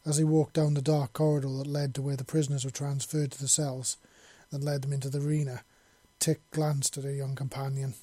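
A man narrating a science fiction story in a steady, even reading style. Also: medium pitch, brisk, hardly any pauses, no room sound. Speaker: audiobook reader.

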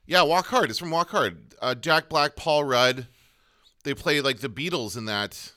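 A man co-hosting a casual podcast chat about movies, rambling and pausing to look things up. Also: medium pitch, lively intonation, sharp tone. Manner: rambling, looks things up mid-talk. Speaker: podcast co-host.

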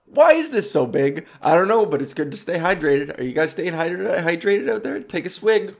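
A man's voice: sits high, very animated, normal speed, vocal fry. A man hosting his own podcast, chatting alone in a rambling, impulsive and self-mocking way, trying out goofy names. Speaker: podcast host. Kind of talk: casual solo podcast chat.

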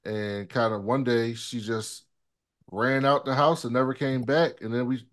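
A man's voice: medium pitch, fairly even intonation, a little slow, fairly bright tone. A man co-hosting a casual podcast recap of a TV episode, laid-back and profane, retelling scenes with quoted dialogue. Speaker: podcast co-host.

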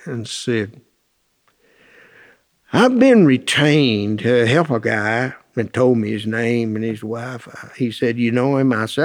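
A man's voice: medium pitch, gravelly, a little mellow. A man telling plainspoken, colloquial anecdotes with lots of quoted dialogue, in a folksy storytelling talk.

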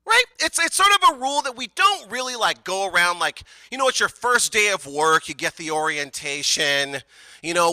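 Lively, bright-voiced woman preaching. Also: lowish voice, normal speed, no room sound. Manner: casual, conversational, joking asides. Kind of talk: sermon.

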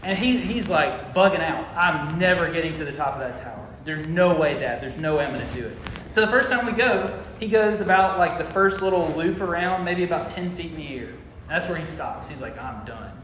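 A man, a youth pastor telling a story in a sermon, animated and full of fillers. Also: fairly high pitch, brisk, few pauses. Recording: echoey room with noise.

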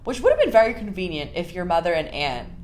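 A young woman chats with a co-host and tells a long story with lively, unpolished energy. Her voice sits on the lower side. She breaks into high, exaggerated voices when she quotes people. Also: a little fast, a little hiss or hum. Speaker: podcast co-host. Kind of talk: casual storytelling chat.

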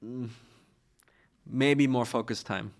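A man's voice: medium pitch, steady tone, slow pace. Hesitant man answering interview questions. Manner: hesitant, many fillers and restarts. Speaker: guest, startup co-founder.

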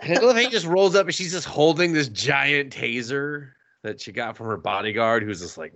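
A man co-hosting a podcast in casual chat, sarcastic, profane and quick to laugh. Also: mid-range voice, lively intonation, a bit bright. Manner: swearing, sarcastic, laughs often. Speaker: podcast co-host.

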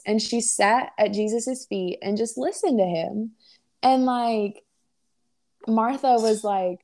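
A woman's voice: on the high side, slow pace, a little mellow. A young woman co-hosting a podcast in casual chat, talking with lots of fillers and acting out the voices of people she quotes. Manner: chatty, many fillers, acts out quoted voices. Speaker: podcast co-host.

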